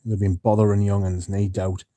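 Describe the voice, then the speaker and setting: A man's voice: on the low side, little pitch movement, moderate pace, dark tone, dry recording, studio quality. A man hosting a casual livestream, talking bluntly and swearing freely as he reads out and answers viewer comments. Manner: blunt and profane. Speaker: livestream host.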